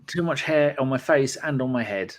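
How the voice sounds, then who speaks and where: A man's voice: medium pitch, animated, moderate pace. A man in casual podcast banter, dry and chatty. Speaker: podcast co-host. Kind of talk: casual chat.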